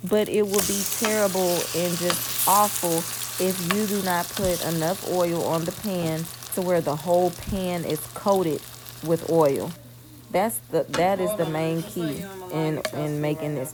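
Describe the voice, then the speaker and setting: A woman's voice: fairly low pitch, darkish tone. A young woman hosting a casual cooking tutorial, chatty and folksy, talking to her viewers as y'all. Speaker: cooking channel host.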